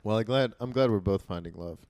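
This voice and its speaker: A man's voice: quick pace, darkish tone, no echo. A man co-hosting a comedy podcast, chatting casually with crude jokes and sudden silly voices. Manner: crude joking, bursts into high silly voices. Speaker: podcast co-host. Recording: dry close-miked.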